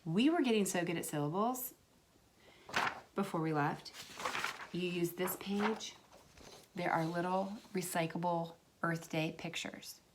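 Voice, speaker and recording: A woman's voice: fairly low pitch, measured pace, pauses often, a little hiss or hum. A woman teaching a remote lesson to young children as their kindergarten teacher, drawing out words in a sing-song way.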